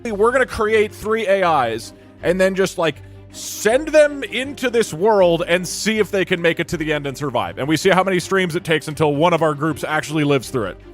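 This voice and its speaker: A man narrating a tabletop game as its game master and streamer, animated and quick to laugh. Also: sits high, soft background music.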